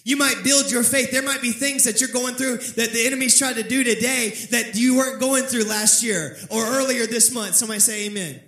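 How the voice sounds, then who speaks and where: High-voiced man preaching in an echoey room. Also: steady tone, fairly quick, few pauses, bright, forceful tone. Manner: preaching with call-and-response prompts to the congregation. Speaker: pastor. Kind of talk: sermon.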